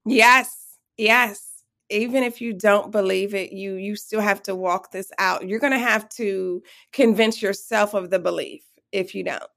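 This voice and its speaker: A middle-aged woman telling a lively personal story as an interview guest, acting out the voices she quotes. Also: mid-range voice, measured pace, gravelly. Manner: animated, acts out quoted voices.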